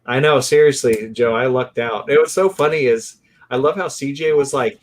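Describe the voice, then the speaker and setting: A man hosting a live barbecue stream, chatting in an excitable, rambling way and saying "dude" a lot. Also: mid-range voice, normal speed. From California. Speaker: host of a live barbecue show. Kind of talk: casual live-stream chat.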